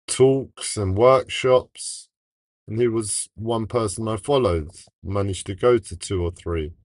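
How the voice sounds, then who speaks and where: A man's voice: on the low side, darkish tone, dry recording. A man telling a personal story in a rambling, emotional way, often stopping and restarting himself. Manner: emotional, rambling, self-interrupting. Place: home, livestream.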